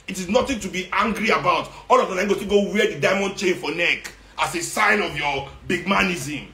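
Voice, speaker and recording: A man's voice: sits high, a little fast, sharp tone. A man with a Nigerian accent delivering an impassioned, sarcastic monologue to his online followers. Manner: ranting, sarcastic, mixes Nigerian Pidgin. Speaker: social media commentator. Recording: echoey room.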